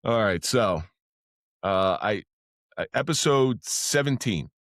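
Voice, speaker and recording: Candid low-voiced man telling stories. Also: slow pace, no echo, studio quality. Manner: candid, swears freely, pitch jumps up when excited. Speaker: podcast guest, former police officer. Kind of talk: casual storytelling.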